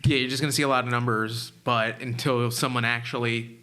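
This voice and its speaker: Bright-voiced man chatting on a podcast. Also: medium pitch, little pitch movement, brisk. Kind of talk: casual chat.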